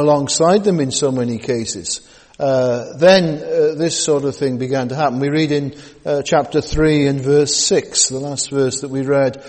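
A man preaching a sermon, halting with many fillers and repeated words, with folksy asides. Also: fairly high pitch, a little mellow. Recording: long hall reverb.

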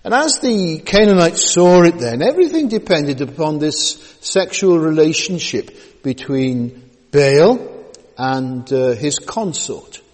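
A man preaching a sermon, halting with many fillers and repeated words, with folksy asides. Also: a little high, very animated, a little mellow. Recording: long hall reverb.

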